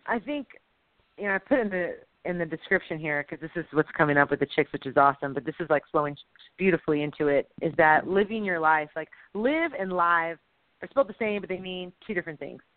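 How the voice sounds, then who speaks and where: A woman co-hosting a casual faith talk show, rambling and exclamatory in an animated way. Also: low voice, fast, no echo. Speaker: podcast co-host. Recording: tinny phone-like, dry.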